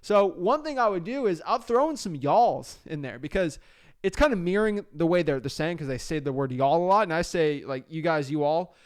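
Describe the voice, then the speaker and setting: A young man from South Florida giving a casual, energetic coaching talk with frequent fillers and restarts. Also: high-pitched, fairly quick. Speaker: real estate wholesaling coach.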